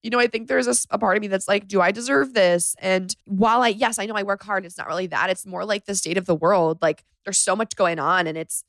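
A woman's voice: mid-range voice, fairly even intonation, quick pace, few pauses, fairly bright tone, no echo. A woman hosting a solo confessional podcast from her bedroom floor, talking candidly and rambling with lots of "like", sometimes close to tears. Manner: candid, rambling, heavy use of "like"; emotional, close to tears at times. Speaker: podcast host. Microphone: podcast microphone.

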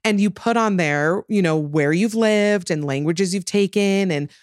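A woman's voice: medium pitch, unhurried, no room sound, studio quality. A young adult woman co-hosting a podcast, chatting casually and animatedly with many fillers. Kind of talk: casual chat.

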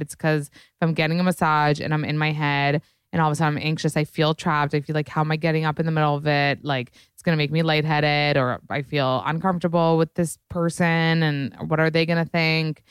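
A woman hosts a solo podcast, talking in a frank, rambling way, peppered with profanity and "like". Her voice sits low and comes across smooth and clear. The recording is dry and close, with no room echo. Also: steady tone, a little fast. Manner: candid, profane, chatty with fillers. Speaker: podcast host. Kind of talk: casual solo podcast chat.

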